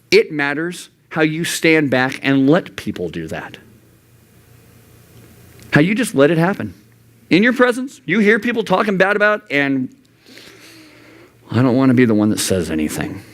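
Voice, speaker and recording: A young adult man, the youth pastor, gives a sincere sermon to the youth in a church youth room. He often jumps into high, lively voices when quoting God and himself.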